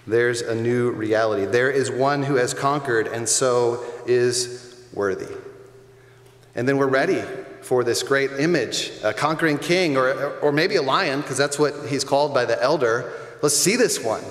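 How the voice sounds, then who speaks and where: A man's voice: mid-range voice, a little slow. A male pastor giving a sermon in a conversational, emphatic way, repeating key phrases for weight. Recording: echoey church hall with long reverb.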